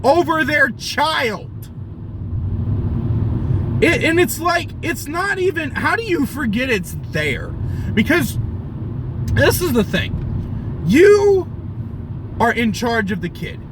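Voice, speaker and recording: Young male vlogger, high and animated, ranting and cursing in a car with a light background hum. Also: slow, pauses often. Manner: furious, swearing, bursts into shouting. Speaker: vlogger and rideshare driver. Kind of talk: angry profane rant.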